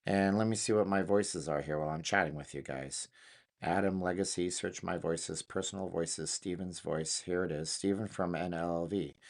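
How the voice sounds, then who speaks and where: A man with a lowish voice hosts a casual chat from his home studio. He gets excitable and slangy and thinks out loud as he goes. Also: moderate pace, gravelly. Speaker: channel host.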